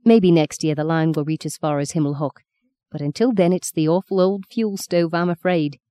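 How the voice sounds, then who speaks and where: A woman's voice: deep voice, normal speed, dark tone, close to an everyday voice. A woman voicing a chatty, frank Australian farm wife with an Australian accent in a storybook reading. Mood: breezy.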